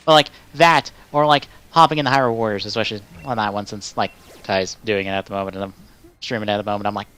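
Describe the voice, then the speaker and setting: A man's voice: lowish voice, steady tone, quick pace, clear, resonant tone. Rambling, cursing male stream host. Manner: rambling, full of filler words and swearing; bursts into loud exasperated outbursts. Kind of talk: casual live-stream chat.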